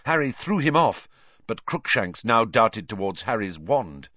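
A man narrating an audiobook with a dramatic, lively reading. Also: fairly low pitch, unhurried, no echo, muffled recording.

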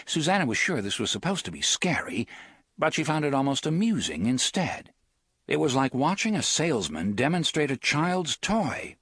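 Husky, expressive male audiobook narrator. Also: mid-range voice, moderate pace, no echo. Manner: expressive, theatrical reading. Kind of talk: scripted narration.

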